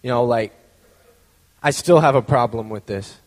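A man's voice: mid-range voice, moderate pace. Man telling a story in a reverberant hall. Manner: conversational, lots of fillers; acts out quoted voices. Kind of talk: personal storytelling talk.

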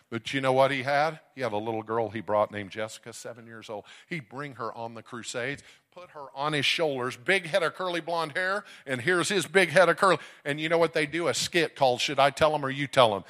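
A man's voice: medium pitch, normal speed. Dramatic evangelist man preaching. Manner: dramatic storytelling, swings from shouting to hushed. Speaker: traveling evangelist. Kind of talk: sermon.

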